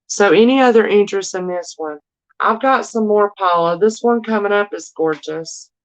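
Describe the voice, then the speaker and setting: With a Southern drawl, a woman runs a live-stream auction, chatting casually and speaking directly to viewers, calling them y'all and darling. Her voice is mid-range at a normal speed.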